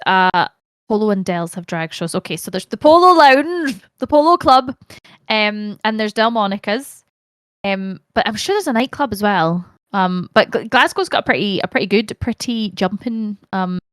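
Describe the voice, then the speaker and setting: A Scottish woman, a podcast guest, telling stories in an animated way, laughing and swearing freely. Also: mid-range voice, moderate pace, clear, resonant tone, no echo, clean studio sound. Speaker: podcast guest, actor and streamer. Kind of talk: casual chat.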